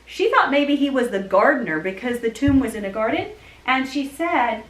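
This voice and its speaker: A woman teaching a children's church lesson, telling a Bible story to kids in an animated storytelling way. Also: high voice, normal speed. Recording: echoey room.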